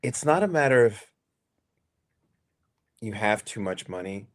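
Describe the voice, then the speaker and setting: A man's voice: fairly low pitch, expressive, measured pace. A man in his forties co-hosting a podcast in casual chat, laid-back, laughing often and swearing casually. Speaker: podcast co-host.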